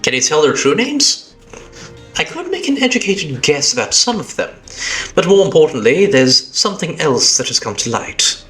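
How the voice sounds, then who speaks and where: A British man playing a calm analytical detective. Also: fairly high pitch, normal speed, soft background music, pitched above the performer's own voice. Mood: musing. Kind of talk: reading game dialogue aloud on a live stream.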